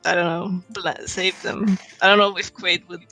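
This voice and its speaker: A tabletop game player chatting casually, joking and trailing off mid-thought. The voice is gravelly with a bright, forceful edge. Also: medium pitch, level tone, normal speed, soft background music, poor audio.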